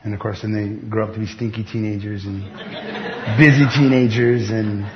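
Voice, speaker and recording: A middle-aged man preaching a sermon as pastor, talking conversationally with bursts of excited emphasis. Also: on the low side, normal speed. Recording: dull lo-fi sound with faint background noise.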